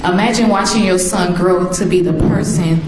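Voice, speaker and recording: A mother interviewed about her son, telling personal stories in an animated way and acting out the voices. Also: fairly low pitch, normal speed, noisy background. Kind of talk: emotional personal storytelling in an interview. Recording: echoey room.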